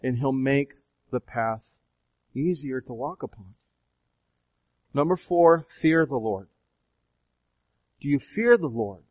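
A pastor preaching a sermon, questioning his listeners again and again, swelling with emphasis and slowing to draw out key phrases. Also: medium pitch, animated. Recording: dull lo-fi recording.

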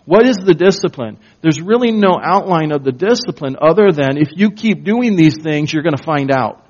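A man preaching a sermon as pastor, slow and emphatic, building to intense bursts. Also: a little high, expressive, darkish tone. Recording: dull lo-fi recording.

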